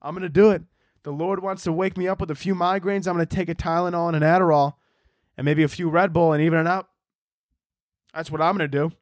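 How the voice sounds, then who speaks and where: A man hosts his podcast solo in a loose, rambling chat full of swearing and self-mockery. His voice sits a little high. The sound is close and dry, with no room echo. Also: steady tone, fast. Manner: rambling, profane, self-mocking. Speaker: podcast host.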